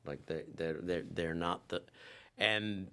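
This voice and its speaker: A man co-hosting a podcast in casual chat, talking in a rambling, halting way with many restarts. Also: low voice, pushed and bright, a little hiss or hum. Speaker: podcast co-host.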